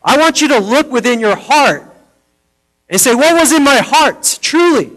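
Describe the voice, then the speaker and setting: High-voiced man preaching a sermon. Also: expressive, normal speed, rough recording. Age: adult, parent of a foster daughter. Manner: earnest, drops softly into personal stories. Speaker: pastor.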